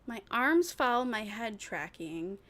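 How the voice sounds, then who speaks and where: A woman's voice: fairly high pitch, very animated, slow pace, a bit bright. A woman VTuber chatting casually on a livestream, rambling and thinking aloud with frequent giggles. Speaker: VTuber streamer.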